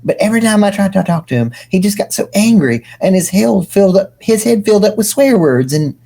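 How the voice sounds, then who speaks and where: A woman's voice: medium pitch, expressive, brisk, gravelly, warm tone, voice pushed up. A woman voicing a possessed male troll prophet who swings from desperate muttering to giddy, gushing chatter. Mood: indignant.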